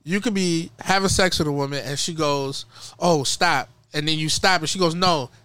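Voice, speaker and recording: A man's voice: fairly high pitch, fairly quick, smooth, no room sound. A man co-hosting a podcast in casual chat, acting out quoted people in a raised voice. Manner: animated, acts out quoted women in a raised voice. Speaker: podcast co-host.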